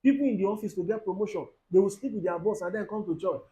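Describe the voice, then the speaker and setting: High-voiced Nigerian preacher. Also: male voice, fast talker, poor audio. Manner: lively preaching, mixes in pidgin, acts out quoted voices, laughs. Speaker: pastor. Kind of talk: sermon.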